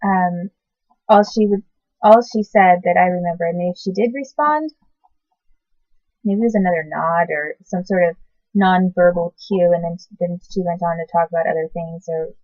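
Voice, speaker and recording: A woman in her forties recalling the past in a casual, halting way, often stopping to correct herself and search for words. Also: fairly low pitch, a little mellow, no echo. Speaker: recalling past babysitting work. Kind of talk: casual personal recollection to camera. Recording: dull lo-fi sound.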